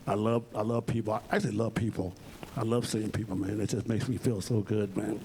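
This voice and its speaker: Blunt, mellow-voiced man speaking candidly. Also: on the low side, flat delivery, brisk, creaky, slight background noise. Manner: blunt, emphatic, swears freely. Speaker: interview guest. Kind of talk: candid on-stage interview. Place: public library event.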